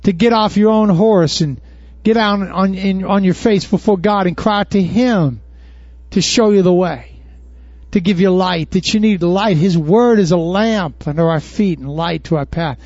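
A man preaching a sermon in a folksy, animated way, full of rhetorical questions, then leading a prayer. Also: high-pitched, moderate pace, no room sound, dull audio. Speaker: pastor.

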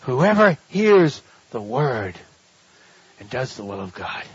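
A man acting out Jesus as a bold adult male preacher proclaiming to a crowd, raising his voice to a shout. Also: mid-range voice, very animated, takes it slowly, husky, dry recording, dull audio, pitched below the performer's own voice, full character voice.

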